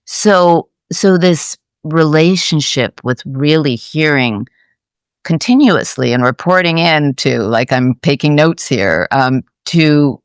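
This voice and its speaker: A woman host telling a personal story in a reflective, halting way with frequent restarts. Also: low-pitched, animated, clean tone, no room sound, studio quality. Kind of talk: conversational storytelling.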